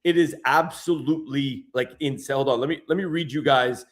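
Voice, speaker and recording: A man hosting a podcast in casual chat, excitable and slangy, tossing "bro" around. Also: medium pitch, brisk. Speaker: podcast host.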